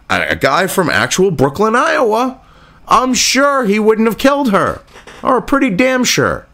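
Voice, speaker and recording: A male vlogger delivers indignant, sarcastic commentary peppered with profanity. His voice sits a little high. His pitch swings widely as he argues. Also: fairly bright tone. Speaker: political commentator. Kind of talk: ranting commentary.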